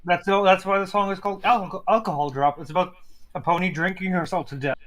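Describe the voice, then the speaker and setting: A man's voice: sits high, fairly even intonation, quick pace, fairly bright tone. A man in casual chat, earnestly explaining his own song. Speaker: musician whose album is reviewed.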